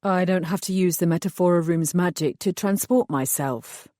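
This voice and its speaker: A woman voicing a kind, protective male fairy who speaks quietly and earnestly in an audiobook. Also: fairly low pitch, normal speed, no room sound, studio quality, close to an everyday voice. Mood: calm.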